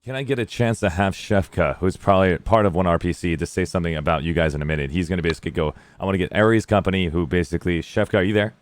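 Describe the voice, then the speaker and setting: Male stream host, casual and rambling, deep voice, dry sound. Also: very fast, few pauses, no room sound. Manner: rambling, many fillers. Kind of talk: casual tournament stream chat.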